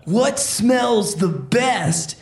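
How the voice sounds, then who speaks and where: A woman voicing a laid-back young male surfer who tells jokes slowly for a children's stand-up podcast. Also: a little high, lively intonation, soft background music, full character voice. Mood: joking. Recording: roomy echo.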